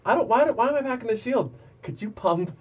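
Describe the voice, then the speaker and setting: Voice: medium pitch, expressive, fast, darkish tone, lo-fi sound, slight background noise. A tabletop player chatting playfully at the table. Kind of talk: casual chat.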